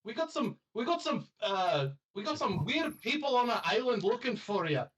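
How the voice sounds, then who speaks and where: A man's voice: very high-pitched, sing-song, normal speed, fairly bright tone, far from the mic, voice pushed up, exaggerated voice. A man voicing a kobold villager with a put-on Scottish accent, calling up to his chief. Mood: eager. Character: tall kobold villager with a high, yelling voice.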